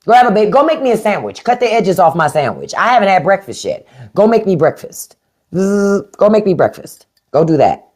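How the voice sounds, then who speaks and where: A woman's voice: medium pitch, very animated, brisk, darkish tone. A woman hosting a live stream in an unfiltered, profane and sarcastic rant, with features. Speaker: livestream host.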